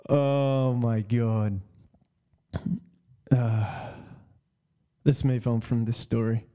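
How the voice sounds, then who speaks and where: A man's voice: medium pitch, very slow, long pauses, mellow. A man hosting a casual solo podcast, rambling, swearing and repeating his words. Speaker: podcast host.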